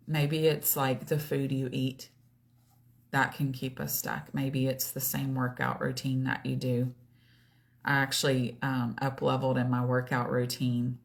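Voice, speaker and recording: Chatty low-voiced woman coaching viewers. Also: gravelly. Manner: chatty, quotes her own thoughts, many filler "like"s. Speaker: business and wellness coach. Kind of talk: casual motivational live stream.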